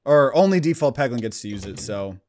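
A man's voice: medium pitch, expressive, fairly quick, a little mellow, a little hiss or hum. A man giving casual let's-play commentary, thinking aloud as he plays. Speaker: gaming channel host.

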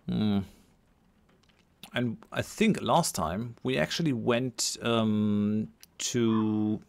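A man's voice: lowish voice, a little mellow. Man thinking aloud over gameplay. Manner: thinking aloud while reading game text. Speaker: let's play host. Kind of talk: gameplay commentary.

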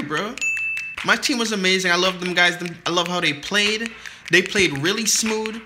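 A man's voice: sits high, normal speed, noisy background. A young man giving casual, heated commentary over his own basketball video game match, swearing and trash talking his teammates and opponents.

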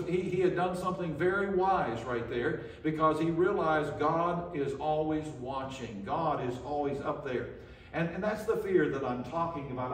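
A man's voice: on the high side, darkish tone, slight background noise. An older man preaching a sermon in a church, telling stories in a folksy way with frequent restarts. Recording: echoey church room, from far off.

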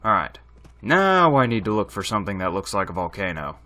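A man's voice: on the low side, sing-song, fairly quick, pushed and bright. A man giving casual let's play commentary, thinking aloud and chatting to his viewers. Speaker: gaming channel host.

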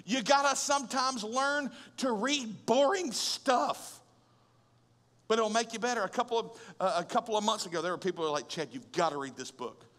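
Male pastor, high bright voice, animated conversational preaching, big reverberant hall. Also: moderate pace. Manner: conversational and animated, with rhetorical questions and humor. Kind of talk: sermon. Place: large church auditorium.

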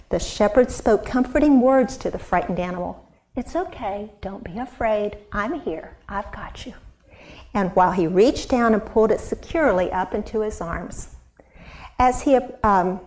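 Animated woman telling children a Bible story. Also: mid-range voice. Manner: animated, expressive, asks the kids questions. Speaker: Sunday school teacher.

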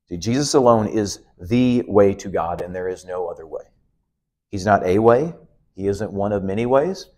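A man's voice: fairly low pitch, darkish tone. A middle-aged man teaching a Bible lesson as a pastor, preaching emphatically with repeated, building phrases and the odd "uh". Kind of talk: expository sermon.

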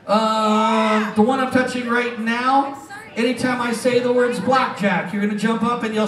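A high-pitched man performing a live comedy hypnosis show, all brash showman patter and jokes. He sounds roomy and distant from the mic, with a faint crowd murmuring behind him. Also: steady tone, moderate pace. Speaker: stage hypnotist. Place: casino showroom stage. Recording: echoey room from far off, crowd.

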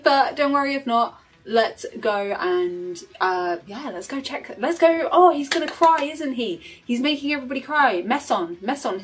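A young woman hosting a casual reaction video, excitable and quick to laugh. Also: fairly high pitch, noisy background. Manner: excitable, laughs often, shrieks at big moments. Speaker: reaction channel host.

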